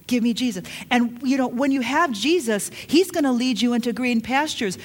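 Middle-aged woman pastor, sermon, fairly high pitch, emphatic, hushed then urgent. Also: moderate pace. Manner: emphatic, swings from soft hushed lines to loud urgent calls.

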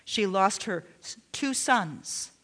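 A woman's voice: mid-range voice, lively intonation, takes it slowly. A woman pastor preaching a sermon, emphatic, with frequent restarts and "you know"s. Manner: drops to a hushed near-whisper when retelling a tender story.

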